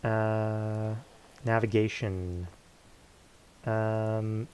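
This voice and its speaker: A man's voice: on the low side, level tone, measured pace, clear, resonant tone. A man streaming a game and joking around in casual commentary. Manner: playful, jokey asides.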